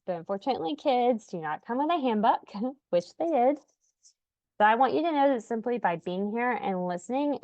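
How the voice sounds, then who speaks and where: A young woman talks to parents as a podcast host and coach, relaxed and conversational, with a soft laugh here and there. Her voice sits at an everyday pitch for a woman. The sound is close and dry, with no room echo. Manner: encouraging, conversational, with light laughs. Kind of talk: casual podcast talk.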